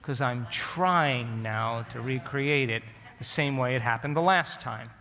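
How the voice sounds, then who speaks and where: A man's voice: medium pitch, measured pace, bright, forceful tone, long reverb tail, slight background noise. A man telling a story to an audience as a lesson. He asks them direct questions and acts out his own past thoughts. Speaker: speaker teaching an audience. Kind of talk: storytelling lecture.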